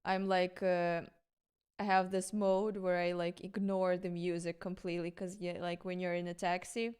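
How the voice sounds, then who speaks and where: A woman's voice: lowish voice, normal speed, clean tone. A woman streaming, chatting casually with her viewers as she watches a travel video, laughing often. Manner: relaxed, laughing, talking to chat.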